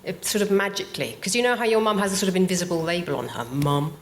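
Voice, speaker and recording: A woman's voice: fairly low pitch, quick pace. A woman playwright appearing as a guest on a live podcast, explaining her ideas thoughtfully. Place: live theatre stage.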